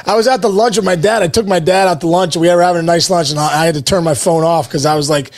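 Man in his forties, slightly high voice, enthusiastic, rambling, many fillers, casual interview. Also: fairly even intonation, fast talker. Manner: rambling, many restarts and "you know" fillers; enthusiastic, emotional. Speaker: interview guest, baseball hitting coach.

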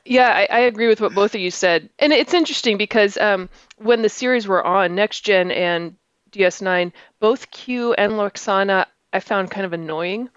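A woman's voice: mid-range voice, normal speed, smooth, dry recording. Wry female panelist, muffled dry lo-fi audio. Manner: wry, giggly. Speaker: podcast co-host. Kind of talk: casual chat. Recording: dull dry lo-fi.

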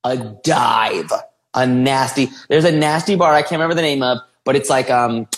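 A man hosting a podcast in campy, excitable casual chat, swearing freely and gushing over his guest. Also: medium pitch, moderate pace. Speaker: podcast host.

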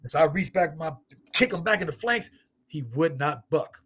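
Husky st louis guy telling a story fast, voice jumps all over, laughs a lot. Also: expressive, a bit bright. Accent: St. Louis, African American Vernacular English. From St. Louis, USA. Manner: acts out dialogue in high voices, laughs often. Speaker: guest storyteller, martial artist. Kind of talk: animated casual storytelling.

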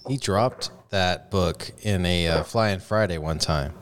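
Deep-voiced Texan host. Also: male voice, takes it slowly, clean tone. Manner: friendly, chummy, laughs often. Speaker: interview host. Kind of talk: casual interview chat.

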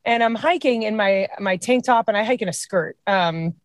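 A woman from Washington state, a comedy writer and podcast guest, telling wild trail stories in a casual, animated way, laughing often and acting out quotes. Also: medium pitch, moderate pace. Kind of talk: casual storytelling chat.

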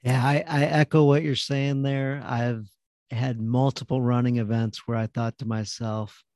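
A man hosting a podcast, agreeing with his guest and sharing his own stories in a relaxed, conversational way. His voice has a middle pitch and sounds dry, with no room echo. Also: measured pace. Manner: affirming, conversational. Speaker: podcast host. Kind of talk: casual podcast chat.

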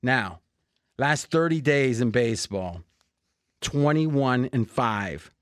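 An American man hosting a sports betting podcast, chatting casually and joking as he pitches betting packages with a salesman's energy. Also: lively intonation, slow, no room sound, studio quality. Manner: upbeat salesman-like, joking, laughs often. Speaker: podcast host.

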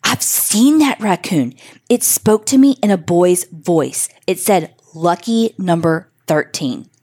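A woman's voice: lowish voice, lively intonation, takes it slowly, warm tone, slightly rough, exaggerated voice. A woman voicing a timid, frightened young girl who is the younger sister in a spooky campfire-style story. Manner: pleading, frightened.

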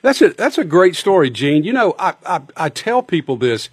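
Animated man, dry studio voice. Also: on the high side, moderate pace, slightly rough, no echo. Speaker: radio talk show host. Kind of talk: casual radio chat.

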